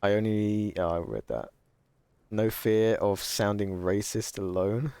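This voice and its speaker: A man's voice: fairly low pitch, measured pace, vocal fry, warm tone, smooth, no room sound. A young man chatting casually on a live stream, rambling, self-correcting and swearing now and then. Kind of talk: casual chat reading stream chat.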